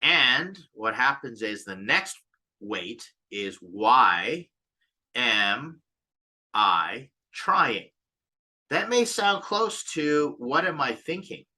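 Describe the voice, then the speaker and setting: A man's voice: fairly high pitch, very animated, slow pace, bright, forceful tone. A man who advises startup founders, explaining a decision technique in a coaching way and acting out the questions he asks himself. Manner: coaching, stops to reflect, acts out inner questions. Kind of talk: explaining to camera.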